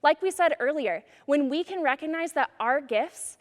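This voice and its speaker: A high-voiced woman delivers an encouraging youth message as a pastor, casual and earnest. Her voice trails into a long reverb. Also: animated, normal speed.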